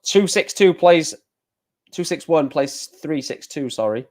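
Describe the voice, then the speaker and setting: A man's voice: a little high, animated, a little slow, a little mellow. Chatty man commentating live darts. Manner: chatty, opinionated, grumbling asides. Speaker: livestream watchalong host.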